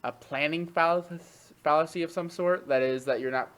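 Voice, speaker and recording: A man in a reading group, reading long passages of a text aloud and then stopping to comment on them in a relaxed, thinking-aloud way. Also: a little high, moderate pace, rough recording.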